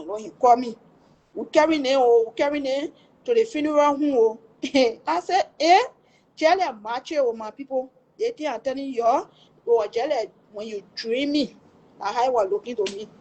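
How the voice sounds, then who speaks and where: Speaking unhurriedly in a slightly mellow, higher-than-average voice, a middle-aged woman with a Liberian English accent recounts a family tragedy. She performs the quoted speech with exclamations, full of emotion, and the recording is rough.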